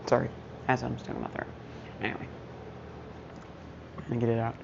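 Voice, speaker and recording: A woman's voice: a bass voice, brisk, gravelly. A woman casually telling a fan story, slangy and self-mocking, often losing her train of thought. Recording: muffled lo-fi mic, steady background noise.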